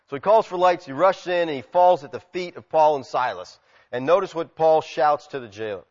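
A man preaching a sermon, animated, acting out quotes and swinging from loud shouts to quiet asides. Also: a little high, a little fast. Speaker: pastor. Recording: muffled sound with long hall reverb.

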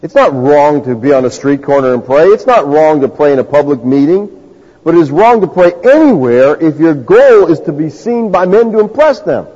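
A man's voice: on the high side, very animated, moderate pace, warm tone, breathy edge. A man preaching a sermon to a congregation, talking in a conversational way and acting out the people he quotes. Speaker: pastor. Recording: lo-fi recording with long reverb in a hall.

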